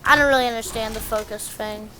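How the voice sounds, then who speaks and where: A woman's voice: on the high side, quick pace, a little hiss or hum, rough recording. A woman giving casual, rambling gameplay commentary as she walks through a game guide, often poking fun at herself. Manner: rambling, self-deprecating, easily excited.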